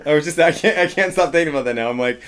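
A man's voice: on the high side, fast talker, a bit bright. A man co-hosting a church podcast, joking around in casual rambling banter. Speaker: co-pastor and podcast host.

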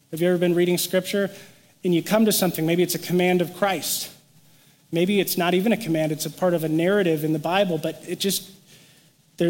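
A man's voice: high-pitched, long reverb tail. A man preaching a sermon as pastor, telling stories with animation and acting out quoted lines. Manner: animated storytelling, acts out quotes.

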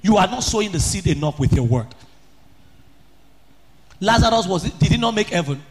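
A man preaching an impassioned sermon, often rising to shouts and sing-song chanting. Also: high voice, expressive, moderate pace.

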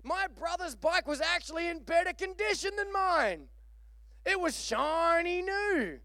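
A man preaching a lively sermon, joking and calling for amens. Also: very high voice, measured pace, no room sound, studio quality. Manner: animated, joking, calls for amen. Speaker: pastor.

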